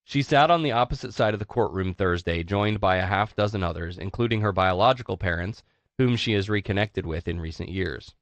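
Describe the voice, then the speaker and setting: Guy w sore throat reading news on a podcast, kinda low voice, sarcastic, dry close sound. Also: a little fast, no room sound, dull audio. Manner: sarcastic commentary. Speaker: podcast co-host. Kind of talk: casual chat, reading news aloud.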